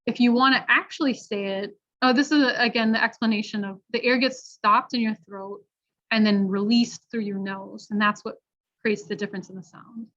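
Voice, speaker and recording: A woman teaching pronunciation, modeling words slowly and repeating each one clearly. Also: fairly high pitch, steady tone, a bit bright. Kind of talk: slow, clear pronunciation lesson. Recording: dull lo-fi online class audio.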